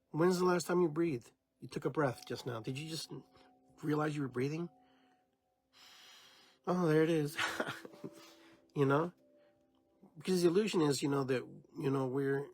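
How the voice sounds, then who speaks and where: Male host, husky voice, mid pitch, reflective rambling spiritual monologue. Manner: meandering, reflective, with many restarts. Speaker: podcast host. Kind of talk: spiritual talk, unscripted monologue.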